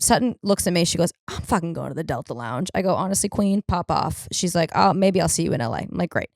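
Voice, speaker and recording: A young woman telling comic travel stories as a host, ranting and cursing with sudden jumps up in pitch. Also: no room sound, clean studio sound. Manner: fast, profane, exasperated ranting with big pitch jumps. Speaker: comedian host. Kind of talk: storytelling comedy monologue.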